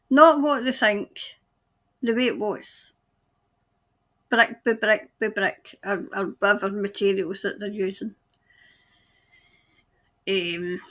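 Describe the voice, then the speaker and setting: A high-pitched woman talks through an intuitive psychic reading as a tarot reader. She muses aloud and often breaks off mid-thought to restart. Her manner stays hesitant and searching. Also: a bit bright. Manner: musing aloud, halting, trailing off and restarting; speaks of seeing and hearing things.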